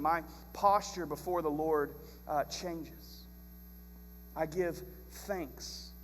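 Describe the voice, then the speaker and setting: A man preaching a sermon as pastor, telling stories in a lively, animated way. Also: on the high side, in a large hall, a little hiss or hum. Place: church sanctuary.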